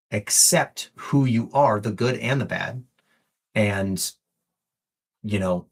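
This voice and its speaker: A man's voice: mid-range voice, a bit bright, slightly rough. A man coaching on a live stream, earnest and encouraging, repeating phrases for emphasis and swearing casually, emotional and close to tears. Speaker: fitness and life coach.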